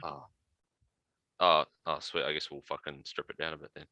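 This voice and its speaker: A man's voice: rumbling low, level tone, normal speed, bright, forceful tone, no room sound, muffled recording. A man from New Zealand co-hosting a podcast, chatting in laid-back, sweary banter. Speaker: podcast co-host. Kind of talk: casual chat.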